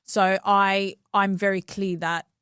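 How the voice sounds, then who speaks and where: A woman's voice: medium pitch, level tone, slow, fairly bright tone, clean tone, dry recording, clean studio sound. A woman guest on a podcast, chatting frankly and earnestly about family life with plenty of fillers. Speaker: podcast guest, mum and content creator. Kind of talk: casual podcast chat.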